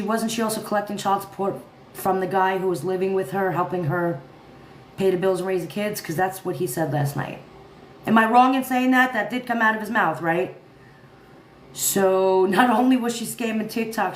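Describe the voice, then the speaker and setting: A woman rambles through a casual livestream, sounding tired and loose as she laughs and talks to her audience and her cat. Her voice bounces around an echoey room. A faint hiss sits under it. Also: medium pitch. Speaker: livestream commentary host.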